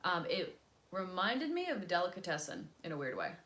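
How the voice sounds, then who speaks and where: A young woman with a slightly low voice chats on a live stream from home. She rambles from topic to topic, talking through bites of a snack as she moves around the house. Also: wildly swooping pitch, normal speed, a bit bright. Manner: chatty, rambling, eating while talking. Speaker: vlogger. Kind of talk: casual live-stream chat. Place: home, indoors, moving around.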